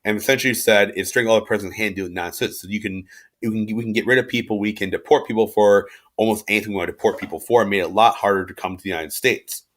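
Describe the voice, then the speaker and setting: Casual low-voiced male history teacher. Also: steady tone, fast, fairly bright tone. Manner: casual, conversational, frequent fillers and asides. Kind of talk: informal lecture.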